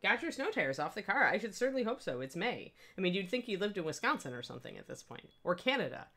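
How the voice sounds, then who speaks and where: A woman's voice: mid-range voice, very animated, fast talker, fairly bright tone. A middle-aged woman hosting a casual live-stream painting tutorial, chatty and upbeat, greeting viewers by name. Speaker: miniature painting instructor, stream host.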